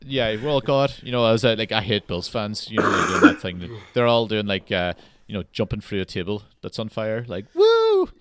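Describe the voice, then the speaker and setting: An Irish man hosting a podcast, talking in a relaxed, rambling way and swearing freely. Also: on the low side, brisk, few pauses, a little hiss or hum. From Ireland. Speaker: podcast host. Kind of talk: casual sports chat.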